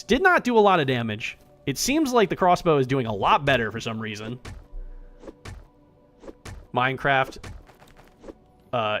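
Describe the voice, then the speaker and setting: A mid-range male voice streams an indie survival game, chatting casually with animated, profane commentary that often pokes fun at himself.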